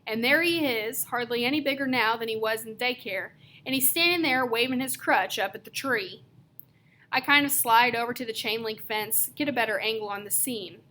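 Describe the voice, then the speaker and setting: A woman narrating a first-person audiobook, telling it in the loose, slangy voice of a teenage boy. Her tone is bright and set somewhat high, with a faint hiss of background noise. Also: moderate pace.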